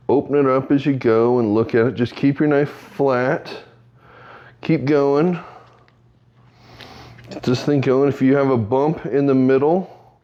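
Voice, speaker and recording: A man's voice: medium pitch, dark tone, muffled recording. A man hosting his own cooking video, talking casually and joking constantly while he demonstrates a dish. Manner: chatty, jokey, talks a lot. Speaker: home cooking video host. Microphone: new mic setup.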